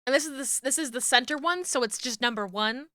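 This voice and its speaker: Talking fast in a high, sharp voice, this female streamer works on 3D rigging while chatting casually with her live audience. She laughs a lot and curses mildly, and the recording is dry and studio-grade.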